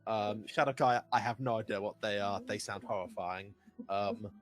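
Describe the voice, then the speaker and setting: A man's voice: on the low side, normal speed, faint music behind. A man playing a tabletop game, joking and rambling with lots of filler. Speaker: player. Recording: crowd chatter behind.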